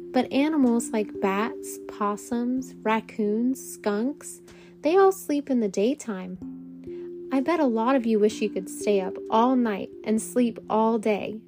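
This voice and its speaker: Woman, bedtime storybook narration, gentle, slightly high voice, soft background music. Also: measured pace. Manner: gentle, warm storytelling to children. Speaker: storybook reader.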